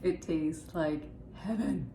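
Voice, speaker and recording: Woman food vlogger, low-ish voice, chatty home kitchen narration, noisy phone audio. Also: slow pace, creaky. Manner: chatty, rambling, matter-of-fact. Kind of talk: casual vlog narration. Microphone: phone held or propped nearby.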